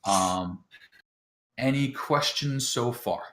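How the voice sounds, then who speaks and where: A game master running a tabletop game explains the rules casually, talking a lot, mocking himself, and filling gaps with many ums. His voice is medium-pitched and slow, with background noise present.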